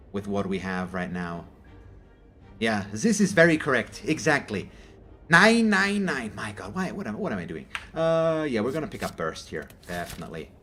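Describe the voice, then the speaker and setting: A man from Germany, a native German speaker, giving casual, rambling gameplay commentary in English and often correcting himself mid-sentence. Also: on the low side. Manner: rambling, self-correcting, chatty. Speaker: gaming channel host.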